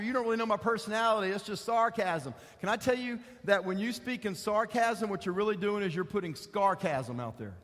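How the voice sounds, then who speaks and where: High-voiced preaching pastor in a church hall. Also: male voice, a bit bright. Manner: preaching with repeated rhetorical questions. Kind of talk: sermon. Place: church sanctuary.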